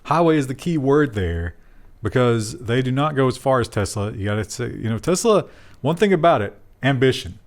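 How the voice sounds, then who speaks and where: A man's voice: medium pitch, big pitch swings, normal speed. A man co-hosting a casual tech news show, joking wryly and trailing off into restarts.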